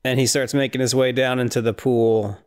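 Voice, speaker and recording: A man's voice: medium pitch, flat delivery, a little fast, a little mellow. A man hosting a podcast, casually recapping a horror film scene by scene, rambling and incredulous, often laughing. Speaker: podcast host.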